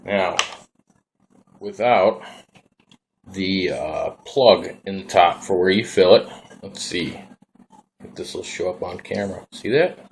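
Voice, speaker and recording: A very low-voiced man with a Minnesotan accent talks in a laid-back, folksy ramble while showing off his gear. Faint noise hums under the recording. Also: slow, long pauses. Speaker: vaping hobbyist vlogger. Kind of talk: casual hands-on demo.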